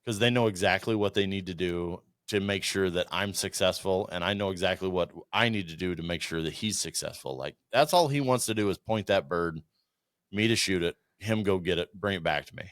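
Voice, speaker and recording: A man's voice: low-pitched, fairly quick, dry recording, clean studio sound. A man, a podcast guest, telling bird-hunting stories in casual chat, swearing freely and acting out what people and dogs said. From Iowa. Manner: animated storyteller, swears freely, acts out quotes.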